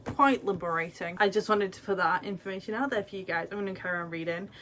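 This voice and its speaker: A woman's voice: medium pitch, fairly even intonation, rapid-fire, fairly bright tone, slight background noise. A young British woman chatting casually to camera as a book vlogger, gushing and rambling with asides. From Britain. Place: home, indoors.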